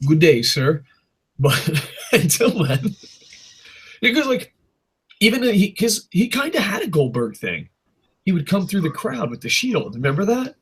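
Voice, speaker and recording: A man's voice: high voice, very animated, a little slow, long pauses, fairly bright tone, slightly rough. A man hosting a casual podcast, ranting in a rambling, profane way and laughing at his own jokes. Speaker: podcast host. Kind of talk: casual wrestling podcast rant.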